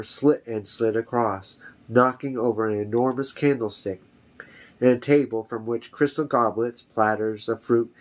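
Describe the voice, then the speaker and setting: A man reading a fantasy novel aloud, carefully, often restarting a phrase. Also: medium pitch. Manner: slow, careful, with frequent restarts. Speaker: reader.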